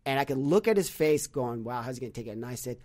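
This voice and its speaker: Man, mid-pitched voice, casual podcast talk, animated storytelling, frequent restarts. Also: quick pace. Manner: animated storyteller with many restarts, acts out quotes. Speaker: podcast guest, business leader.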